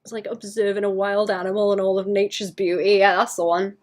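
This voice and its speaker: A woman talks casually to her stream audience while she draws. She speaks softly and wanders from thought to thought, filling gaps with "like" and breaking into light laughs. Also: mid-range voice, flat delivery, fairly quick. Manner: soft-spoken, rambling, laughs often, many "like" fillers. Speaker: art streamer. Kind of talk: casual chat while drawing.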